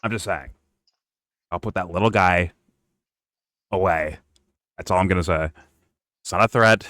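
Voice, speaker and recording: Low-voiced man in profane reaction banter. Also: normal speed, a bit bright, no echo, studio quality. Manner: profane, joking trash talk. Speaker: stream co-host reacting to a clip. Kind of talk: casual reaction commentary.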